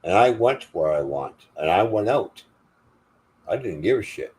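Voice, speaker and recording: A man's voice: fairly low pitch, expressive, a little slow, darkish tone. An older man hosting a livestream, delivering an angry, profane, defiant rant. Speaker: livestream host.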